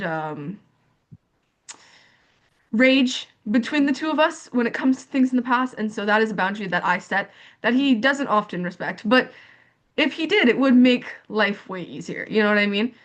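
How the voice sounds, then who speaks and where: A young woman speaks candidly on a discussion panel about her own experiences. Her talk is full of fillers, restarts and repetitions, and she acts out remembered conversations, lifting her voice when she quotes others. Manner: animated storytelling, acts out quoted dialogue in higher pitch. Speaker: panelist sharing lived experience. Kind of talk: candid personal account on a panel.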